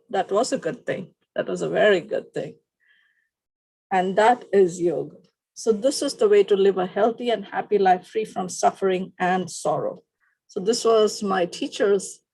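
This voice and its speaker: Woman wellness coach, mellow gravelly tone, calm instructive delivery, outdoors on a beach. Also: medium pitch, poor audio. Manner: calm, instructive, repeats short phrases. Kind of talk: teaching talk and guided breathing relaxation.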